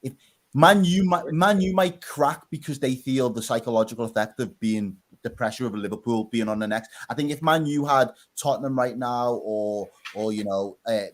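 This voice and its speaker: Male podcast host, lively and jokey, loose casual chat. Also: medium pitch, normal speed. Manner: animated, laughing, swears.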